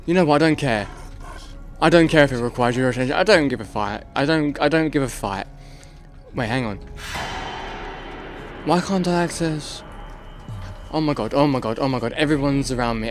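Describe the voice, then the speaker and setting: A man hosting a gaming channel, giving let's play commentary in a frantic, swearing way and muttering to himself as he plays. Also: mid-range voice.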